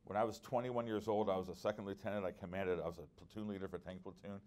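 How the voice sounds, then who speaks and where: A man's voice: low voice, fairly even intonation, racing, a little mellow. A middle-aged man teaching at a conference workshop, earnest and conversational, with frequent restarts and personal stories. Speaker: preacher.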